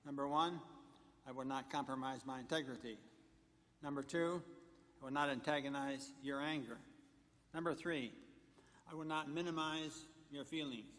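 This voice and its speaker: A man preaches in a church sanctuary at a moderate pace with long pauses, his medium-pitched voice fairly bright. The pastor moves through numbered points and jokes along the way, and the room adds a long church reverb.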